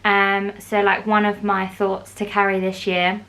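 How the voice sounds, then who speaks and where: A young woman chatting casually to her phone camera as she vlogs, playful and quick to laugh. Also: mid-range voice, monotone, gravelly, a bit bright. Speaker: vlogger. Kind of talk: casual vlog chat. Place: outdoors on busy city streets and in a café. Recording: phone recording with street noise. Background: street and traffic noise.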